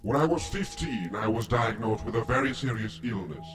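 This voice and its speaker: A man's voice: expressive, moderate pace, soft background music, close to an everyday voice. A man playing a mannered masked ex-con. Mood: explaining. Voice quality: formal, affected speech. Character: masked male ex-convict doctor, mannered and calm. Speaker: film character. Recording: distant mic with noisy rumble.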